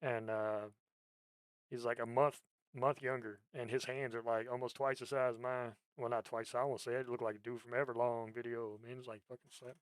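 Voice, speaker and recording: A man hosting a podcast and chatting casually, his voice sitting at an ordinary middle pitch. He tells long, rambling stories, swears freely and laughs often. The sound is dry and close, with hardly any room around it. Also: level tone, a little fast, dry recording. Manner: profane, rambling storyteller who laughs a lot. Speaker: podcast host. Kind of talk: casual chat.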